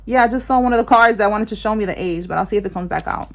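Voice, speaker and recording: A woman's voice: mid-range voice, rapid-fire. A woman giving a casual tarot reading, talking bluntly with slang, swearing and frequent check-ins. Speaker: tarot reader.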